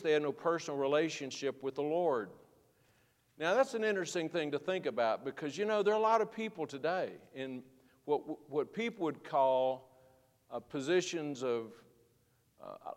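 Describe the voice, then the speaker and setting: A man's voice: mid-range voice, big-room sound. Folksy man teaching Sunday school. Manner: folksy, rambling with restarts and fillers. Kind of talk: Bible study lesson.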